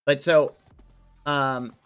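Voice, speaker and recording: A man's voice: mid-range voice, steady tone, drawn-out words, a bit bright, clear, resonant tone, faint music behind. Chatty man streamer telling stories. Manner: rambling storyteller, many fillers. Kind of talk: casual gameplay stream chat. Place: home room.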